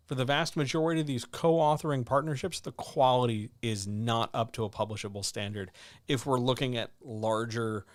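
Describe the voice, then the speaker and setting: Male livestream host, mid-pitched, blunt and sardonic, dry close mic. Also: dry recording. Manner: blunt, sardonic, animated, with sudden jumps in pitch. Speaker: host of a writing advice livestream. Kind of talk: casual livestream chat answering viewer questions.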